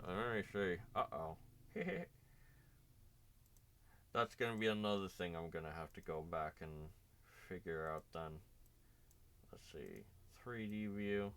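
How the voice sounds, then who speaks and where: A man's voice: sits low, a little slow, pauses often, fairly bright tone. A man streaming a casual painting session, chatting and rambling to his viewers as he works. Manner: chatty, rambling, talks to chat while working.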